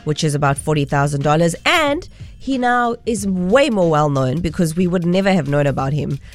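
A woman's voice: low voice, animated, normal speed. A woman co-hosting a morning radio show, chatting casually while relaying news stories. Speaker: radio co-host.

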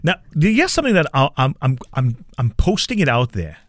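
A man hosting breakfast radio, his pitch bouncing all over as he banters. The sound is close and dry in the studio, and he often repeats himself with a laugh. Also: big pitch swings, brisk, dry recording. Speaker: radio breakfast show host.

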